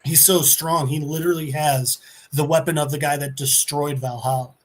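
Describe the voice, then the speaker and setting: A man's voice: on the high side, normal speed. A man co-hosting a podcast, animatedly recapping a comic book in a casual way, often slipping into character voices. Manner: animated storyteller, slips into voices. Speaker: podcast co-host.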